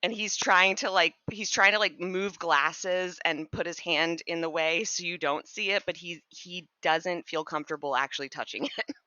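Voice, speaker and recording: A woman's voice: fairly low pitch, moderate pace, pushed and bright, no room sound, muffled recording. A woman narrating as game master of a tabletop game, casual and giggly, with lots of fillers.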